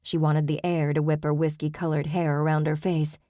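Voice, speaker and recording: A woman reads a cozy mystery audiobook in an even, measured way. Her voice sits low and mellow. The recording is dry and close. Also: no room sound. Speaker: audiobook narrator. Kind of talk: scripted narration.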